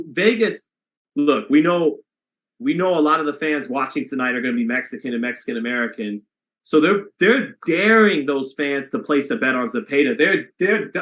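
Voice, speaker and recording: Bright-voiced man hosting a chatty live stream. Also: on the high side. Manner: chatty, reads out viewer comments, swears casually. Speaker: boxing live stream host. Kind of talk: casual live stream commentary.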